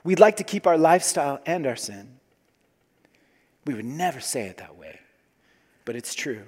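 A man in his forties preaching a sermon as pastor, earnest, moving between loud emphasis and quiet hushed asides. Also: fairly high pitch, big pitch swings, moderate pace, husky. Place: church sanctuary. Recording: long hall reverb.

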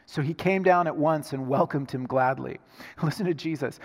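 A man preaching a sermon, moving between hushed, slow lines and loud, emphatic passages. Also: fairly high pitch. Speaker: pastor. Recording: reverberant hall sound.

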